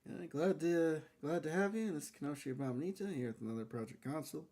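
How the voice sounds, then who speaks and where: A man's voice: a little high, fast talker, warm tone. A man hosting a podcast in casual chat. He talks in a laid-back way, with lots of hesitant fillers. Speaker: podcast host.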